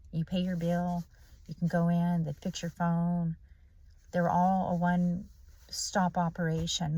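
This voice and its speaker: A woman's voice: lowish voice, darkish tone, no room sound. A woman vlogger delivering a blunt, preachy, profanity-laced ranting monologue. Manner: blunt, swears constantly, preachy.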